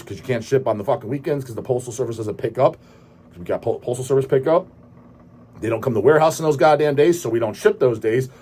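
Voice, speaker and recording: Husky guy ranting and cussing on his channel, voice swings all over the place. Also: medium pitch. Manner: brash, swearing, emphatic, with sudden loud bursts. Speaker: channel host. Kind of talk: profane ranting monologue.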